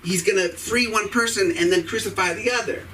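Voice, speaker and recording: A man with a high, bright voice doing a rambling, irreverent stand-up routine full of profanity. He sounds set back from the microphone, with a faint hum of room ambience behind him. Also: a little fast, far from the mic, rough recording. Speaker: stand-up comedian. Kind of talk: open mic stand-up set. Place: comedy club stage.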